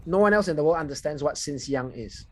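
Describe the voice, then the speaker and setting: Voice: mid-range voice, lively intonation, quick pace. A speaker with a Singaporean accent giving a language evaluation on a video call and correcting grammar and pronunciation. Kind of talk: club speech evaluation.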